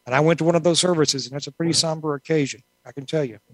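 A woman's voice: sits low, very fast, no room sound, poor audio. A woman author answering interview questions in a thoughtful, rambling way, with many asides. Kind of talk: casual conversational interview.

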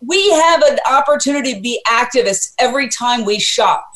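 Woman radio host, kinda high voice, emphatic and urgent, talk show vibe. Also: expressive, fairly quick, fairly bright tone, poor audio.

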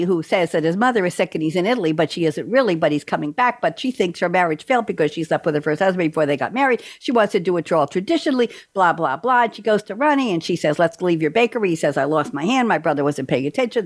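A woman from New York hosting a talk show, chatty and lively, with a lower voice. Her sound is dry and close to the mic. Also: no echo. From New York, USA. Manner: lively, chatty, talks quickly. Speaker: host.

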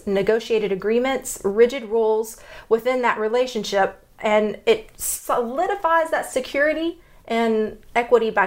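A woman with a Texan accent co-hosting a podcast, explaining topics at length with some restarts. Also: on the high side. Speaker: podcast co-host, relationship doctor.

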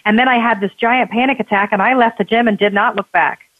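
A woman guest, a bodyworker and author, telling personal stories in a candid, expressive and emphatic way. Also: a little high, fast, no echo. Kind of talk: candid conversational storytelling. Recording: tinny phone line.

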